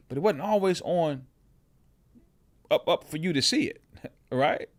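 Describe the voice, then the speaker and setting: Heavy but on the high side, this podcast host's voice is captured dry, with clean studio sound. He talks through his thoughts in a reflective personal monologue, conversational in tone, frequently restarting and repeating his words and checking in with "right?"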